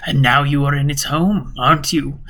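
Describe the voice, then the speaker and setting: A man voicing an ancient, sinister male entity that is cryptic and amused, speaking slowly with soft whispers in a tabletop game. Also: medium pitch, fairly even intonation, natural voice. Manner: slow, savoring, with soft chuckles and hissed whispers. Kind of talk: game master voicing a character.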